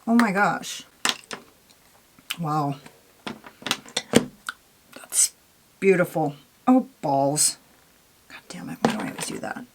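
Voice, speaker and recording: A woman's voice: medium pitch, a little hiss or hum. Chatty, candid young woman vlogger. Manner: chatty and candid, swears casually, lots of "like". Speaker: beauty vlogger. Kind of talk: casual makeup tutorial chat.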